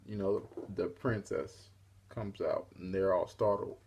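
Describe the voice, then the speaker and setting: A man's voice: deep voice, steady tone, measured pace, a little mellow, a little hiss or hum. A man casually retelling a comic issue for his own review show, in a rambling, laid-back way. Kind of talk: casual spoken comic recap.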